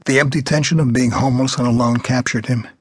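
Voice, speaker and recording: A man narrating his own novel as an audiobook, with a measured, plain delivery. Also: mid-range voice, steady tone, slightly rough, dry recording.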